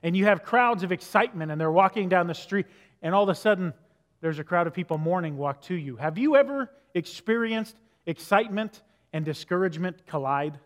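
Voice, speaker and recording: High-voiced man preaching in an echoing hall. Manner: conversational preaching, asks the listeners questions. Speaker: pastor. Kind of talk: sermon. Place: church sanctuary.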